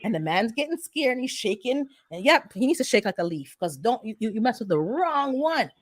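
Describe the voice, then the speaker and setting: Gardening host, woman, higher register, fired-up conversational storyteller. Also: a little fast, no room sound, clean studio sound. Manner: animated, heated storytelling. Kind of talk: casual chat.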